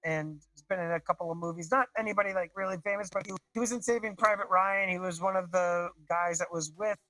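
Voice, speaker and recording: An eager man calling in to a video show, his nasal, congested voice sitting high and sounding bright and a little tense. The sound is dry, with no room around it. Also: steady tone, quick pace, dry recording, poor audio. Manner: enthusiastic, effusive. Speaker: caller. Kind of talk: casual video call chat. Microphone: video call.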